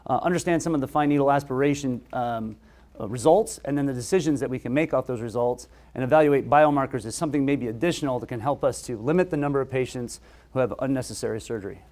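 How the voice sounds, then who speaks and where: Man giving a relaxed medical lecture. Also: medium pitch, fast talker. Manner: relaxed, conversational, hesitant with fillers. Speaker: surgeon.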